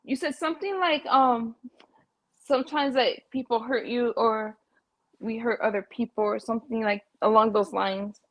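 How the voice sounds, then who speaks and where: Woman caller, somewhat high voice, dry close sound, halting heartfelt sharing. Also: steady tone, dry recording. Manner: halting, full of "like" and restarts. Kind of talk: casual, emotional sharing.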